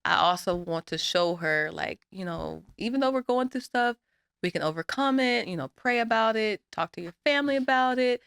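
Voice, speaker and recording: A woman's voice: a little high, normal speed, vocal fry, smooth, no room sound, studio quality. A woman, guest on a talk show, telling stories animatedly and laughing often. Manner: animated storyteller, acts out voices, laughs often. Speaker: guest, nonprofit founder. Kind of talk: casual interview chat.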